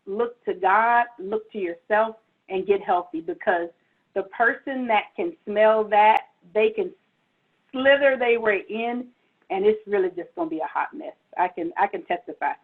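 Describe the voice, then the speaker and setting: A middle-aged woman, a guest author, telling her story casually over a video call, animated and playful, laughing often. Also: medium pitch, moderate pace. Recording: tinny phone-like audio.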